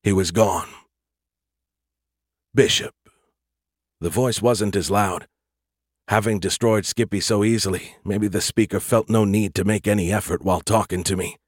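A man narrating a first-person science fiction audiobook in a steady, earnest storytelling voice. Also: lowish voice, normal speed, slightly rough, dry recording, clean studio sound.

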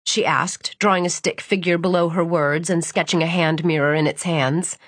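A woman reads a novel aloud in a measured, steady storytelling voice. Her tone is husky and slightly breathy. The recording is close and dry. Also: on the low side, no room sound. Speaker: audiobook narrator. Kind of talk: scripted audiobook narration.

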